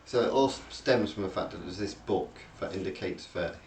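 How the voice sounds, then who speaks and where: Deep, gravelly man, rambling. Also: fairly quick. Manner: rambling, hesitant, recounting plot with many fillers. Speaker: podcast co-host. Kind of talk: casual film discussion. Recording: roomy, distant mic, faint background noise.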